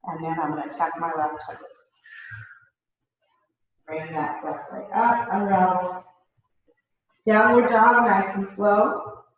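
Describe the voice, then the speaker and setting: A woman's voice: medium pitch, takes it slowly, long pauses. Woman, yoga teacher, out of breath, laid-back, muffled, far off in a reverberant studio. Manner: relaxed, chatty, laughs at herself. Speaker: yoga instructor. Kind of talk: guided yoga class instruction.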